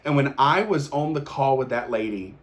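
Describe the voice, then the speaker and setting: A man's voice: medium pitch, lively intonation, normal speed. A man hosting his own show, delivering an earnest motivational monologue to the viewer, repeating encouragements and often restarting his sentences as he gets emotional. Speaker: host.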